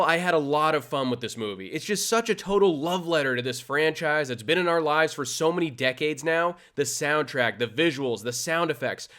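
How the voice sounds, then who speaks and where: Young male reviewer, slightly high voice, casual and candid, teasing the viewer now and then. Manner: animated and candid, with playful jabs. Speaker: movie reviewer.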